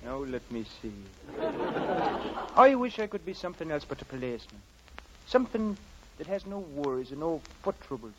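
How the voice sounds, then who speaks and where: A man's voice: a little high, big pitch swings, normal speed, pauses often. An actor playing a jolly Irish cop turned into a male Irish setter dog, with a put-on Irish brogue, flirty and chuckling, in a 1940s radio comedy. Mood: wistful. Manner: blarney-filled, chuckling, flirtatious. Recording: dull noisy old radio recording.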